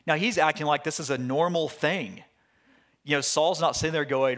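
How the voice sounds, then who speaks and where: A man, a pastor, teaching through a Bible passage in a relaxed, conversational way with frequent restarts and asides. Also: a little high, moderate pace.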